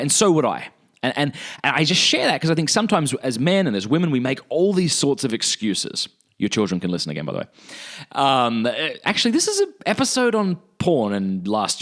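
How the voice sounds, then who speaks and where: Animated, blunt Australian man. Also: on the high side. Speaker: podcast host. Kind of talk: casual spiritual talk.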